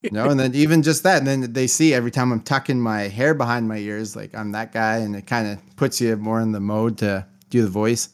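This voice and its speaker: Relaxed man telling a story. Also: mid-range voice, a little fast. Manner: relaxed, anecdotal. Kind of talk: casual podcast chat.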